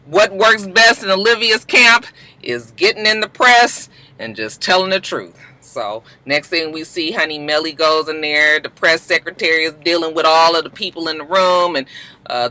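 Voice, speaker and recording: A vlogger giving a casual, gossipy TV episode recap in an animated, slangy way, recording at a post office. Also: mid-range voice, moderate pace, poor audio.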